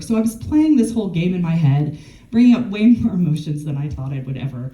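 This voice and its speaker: A woman's voice: on the low side, expressive, normal speed, mellow, reverberant, low-quality recording. A woman, a gerontologist, talking casually and candidly about caring for a family member, with self-deprecating laughs. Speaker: gerontologist and speaker. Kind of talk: casual conversational storytelling. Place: warm room.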